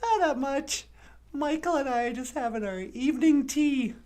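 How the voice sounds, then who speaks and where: Man doing a giggly high-voiced puppet lady. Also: normal speed, darkish tone. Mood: bubbly, sweet. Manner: high falsetto, giggly, greets with bonjour. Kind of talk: puppet show comedy.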